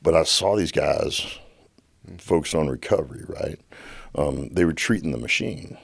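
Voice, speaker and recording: Middle-aged guy with a super deep voice, passionate podcast guest, keeps restarting his sentences, dry close mic. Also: moderate pace, vocal fry, breathy edge, no echo. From United States. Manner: animated, repeats words and restarts sentences. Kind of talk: passionate storytelling. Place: podcast studio.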